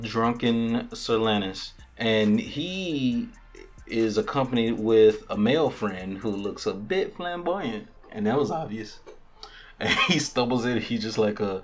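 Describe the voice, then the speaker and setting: A man hosting a podcast, casually recapping a TV episode in slangy, profane talk and acting out the characters' lines. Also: fairly low pitch. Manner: animated storytelling with quoted character lines and laughs. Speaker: podcast host.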